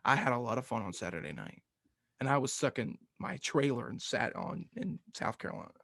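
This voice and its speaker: A man's voice: mid-range voice, sing-song, fairly quick, creaky, a bit bright, dry recording, studio quality. A man co-hosting a casual sports podcast, ranting with energy and laughing often. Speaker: podcast co-host.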